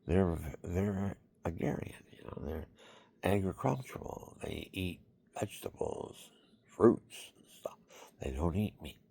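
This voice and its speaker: A man's voice: deep voice, animated, takes it slowly, gravelly, warm tone, no echo. A man talking in a rambling, repetitive monologue, now and then acting out other people's voices.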